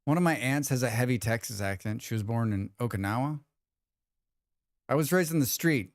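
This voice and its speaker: A man's voice: mid-range voice, expressive, fairly quick, dry recording, clean studio sound. A man hosting a game livestream, rambling casually and reading out chat messages. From United States. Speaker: livestream host. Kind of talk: casual chat with chat while gaming.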